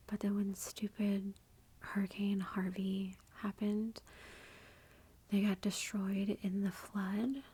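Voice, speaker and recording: Unwell woman whispering a slow ASMR haul. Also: mid-range voice, breathy edge. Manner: soft whispered, chatty and self-deprecating. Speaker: ASMR channel host.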